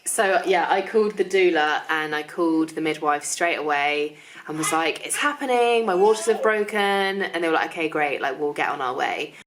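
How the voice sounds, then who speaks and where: A young woman vlogging, telling a personal story to camera in a chatty, quick way, with many fillers. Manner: shifts into a high sing-song voice talking to her child.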